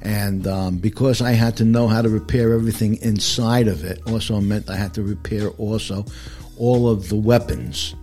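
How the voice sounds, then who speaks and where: A man's voice: lowish voice, fairly even intonation, normal speed, mellow, soft background music. An older man from New Jersey with a Northern New Jersey accent, telling his story as an interview guest in a plain, matter-of-fact way. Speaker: guest, veteran. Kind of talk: casual interview.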